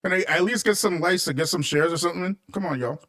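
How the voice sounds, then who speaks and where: A man's voice: high voice, quick pace, fairly bright tone, no echo, clean studio sound, far from the mic. A man hosting a casual livestream, talking emphatically and a bit preachily, and calling his viewers "family" and "y'all". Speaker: livestream host.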